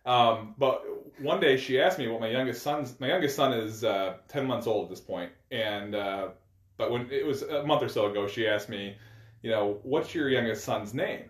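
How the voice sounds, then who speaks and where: A man with an average-pitched voice talks easily on a podcast. He thinks aloud and hedges with fillers. The recording has a roomy echo. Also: normal speed. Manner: easygoing, reflective, hedges with "like" and "um". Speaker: podcast co-host. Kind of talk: casual chat.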